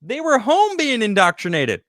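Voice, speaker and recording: A man hosting a casual political talk show, reading viewer comments and joking in an animated, emphatic way. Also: extremely high pitch, moderate pace, dry recording, clean studio sound. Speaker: podcast host reading super chats.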